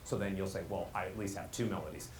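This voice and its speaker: A man imitating a flat, droning speaker who talks on a single note. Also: low voice, fast talker, slight background noise, voice pushed down, close to an everyday voice. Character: flat bored monotone man, one note. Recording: roomy echo, faint hall ambience.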